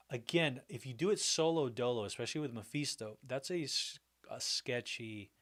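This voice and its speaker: A man's voice: medium pitch, fairly bright tone. Chatty, rambling man hosting a livestream. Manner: chatty and rambling, with frequent restarts and "like"; upbeat and friendly toward viewers. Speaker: livestream host. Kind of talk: casual livestream chat reacting to viewer comments.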